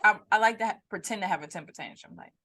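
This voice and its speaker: A woman co-hosting a casual podcast chat over a video call, animated and quick to laugh, slipping into playful put-on voices. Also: mid-range voice. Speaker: podcast co-host.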